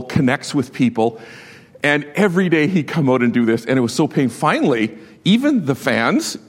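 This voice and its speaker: A man preaching a sermon, telling a story with lively swings between loud and hushed delivery and frequent laughter. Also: fairly high pitch, long reverb tail. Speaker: pastor.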